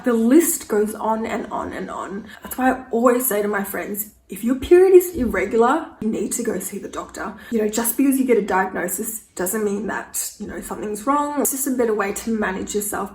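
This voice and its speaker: A woman's voice: a little high, darkish tone, reverberant, rough recording. A woman, telling a personal story to camera in a frank, chatty way full of "like". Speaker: vlogger.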